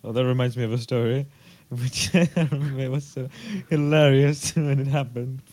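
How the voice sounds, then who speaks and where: A man co-hosting a podcast, telling a rambling story full of fillers and acted-out shouts. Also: medium pitch, steady tone, normal speed. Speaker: podcast co-host. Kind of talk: casual chat.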